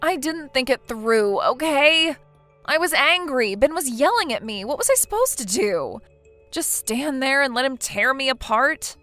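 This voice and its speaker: A woman's voice: high-pitched, lively intonation, measured pace, bright, forceful tone, faint music behind, heavily acted. A woman voicing a self-pitying young wife in a text-message story, pleading and defensive.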